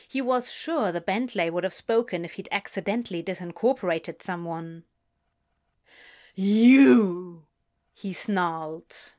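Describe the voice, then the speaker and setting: Slow, lively woman storyteller. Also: mid-range voice. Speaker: reader. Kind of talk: audiobook story narration.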